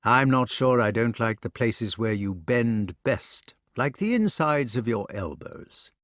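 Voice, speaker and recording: An earnest, brooding knight who pleads and broods in turn, read by a man. The voice moves lively up and down in a storybook reading. The sound is dry and close. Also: medium pitch, unhurried, dry recording.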